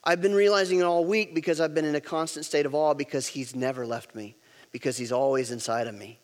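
A man's voice: a little high, fairly even intonation, fast talker, big-room sound. A pastor preaching a sermon, emphatic and repeating key words, leading his congregation to say lines back.

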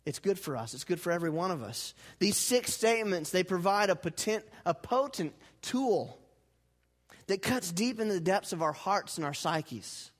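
High-pitched guy preaching a sermon, gets loud then drops real quiet, has the church repeat after him. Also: animated, moderate pace. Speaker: pastor.

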